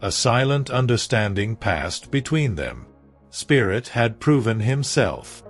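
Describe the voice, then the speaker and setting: A man narrating a dramatic story in a slow, scripted storytelling manner. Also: medium pitch, big pitch swings, faint music behind.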